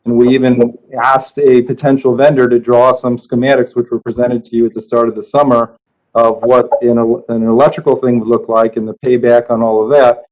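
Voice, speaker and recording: A man's voice: mid-range voice, level tone, brisk, a little mellow, low-quality recording. A man serving as school superintendent, explaining budget decisions at a board meeting with hesitant restarts.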